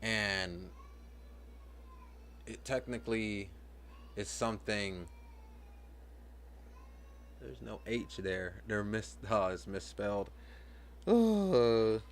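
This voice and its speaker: A man's voice: lowish voice, lively intonation, drawn-out words, long pauses, a little hiss or hum. Rambling, philosophizing man vlogger. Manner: rambling, philosophizing, repeats himself. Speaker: vlogger and parent. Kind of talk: casual rambling monologue.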